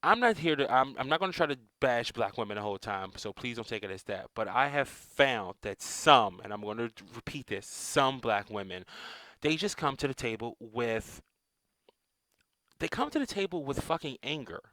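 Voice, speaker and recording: A man's voice: mid-range voice, lively intonation, moderate pace, pushed and bright, no echo, poor audio. A man ranting bluntly into the camera in a casual, profane monologue, with many restarts and "um"s. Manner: profane, blunt, repetitive, with frequent hedging restarts and "um"s. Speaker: vlogger.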